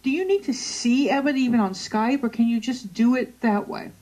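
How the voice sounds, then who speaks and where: A woman hosting an interview, chatty and relaxed, with easy laughs. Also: fairly high pitch, moderate pace, poor audio. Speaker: host. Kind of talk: casual interview chat.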